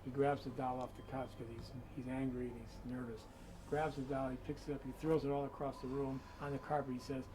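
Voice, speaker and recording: A man's voice: medium pitch, little pitch movement, brisk, noisy background. A man telling a creepy story in a conversational, dramatic way, full of asides, while guiding people through a museum room. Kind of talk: spooky storytelling.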